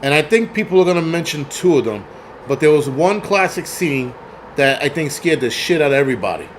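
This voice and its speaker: A man's voice: a little high, lively intonation, a little fast, a little hiss or hum. Profane rambling man hosting a livestream. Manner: profane, rambling, reads chat aloud. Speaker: film review livestream host. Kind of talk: casual livestream chat.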